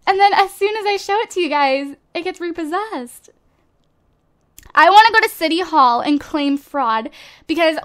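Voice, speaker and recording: A let's play host with a high, fairly bright voice gives casual, chatty gameplay commentary directly to her viewers. She records at home on a desktop USB microphone.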